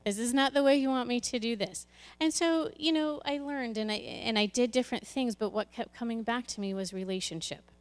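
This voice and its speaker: A woman's voice: mid-range voice, clear, resonant tone. A woman who runs a church's children's ministry speaks to the congregation in a plain, mid-range voice. She gives a personal testimony in a candid, conversational way. She restarts her sentences often as she talks.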